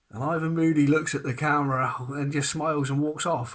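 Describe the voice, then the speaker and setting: Casting: man, husky voice, chatty storyteller. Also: a little high, fairly even intonation, a little fast, a bit bright. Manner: chatty storyteller, acts out quotes. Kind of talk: casual anecdote.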